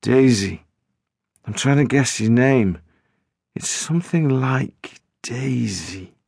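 In audiobook narration, a man voices a mysterious teenage boy talking on the phone, sounding evasive and flatly insistent until he turns tetchy. His mid-range voice is creaky and unhurried, and the recording is clean studio quality with no echo.

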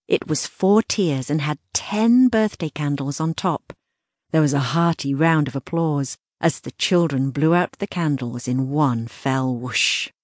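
A woman narrates a children's audiobook in a measured, storytelling way. Her voice is low and slightly husky. The recording is close and dry. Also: a little mellow, dry recording.

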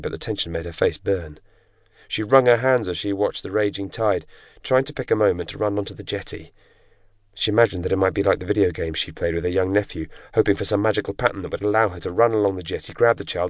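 Guy reading an audiobook, lowish voice, dry studio sound, steady and dramatic. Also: no room sound. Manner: measured, dramatic storytelling. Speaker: audiobook narrator. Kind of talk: scripted narration. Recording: dry close studio recording.

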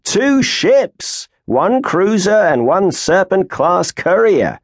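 A man voicing a gruff, proud male starship captain who answers stiffly. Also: high voice, big pitch swings, slow, no room sound, clean studio sound, pitched above the performer's own voice, full character voice. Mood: wry. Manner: stiff, growling, then smug.

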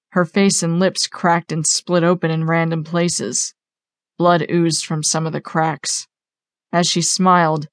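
Woman, audiobook horror narration, steady, lowish voice, dry close mic. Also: no echo. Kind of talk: scripted first-person horror narration.

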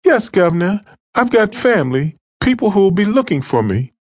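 A man's voice: high-pitched, sing-song, normal speed, dry recording, voice pushed up. A man voicing a frightened young London streetwalker girl, pleading and whimpering.

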